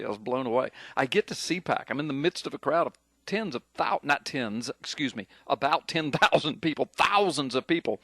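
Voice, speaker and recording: A man with a Southern Gulf Coast accent, hosting a radio talk show in a casual, animated way and laughing easily. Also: medium pitch, moderate pace, no room sound, studio quality.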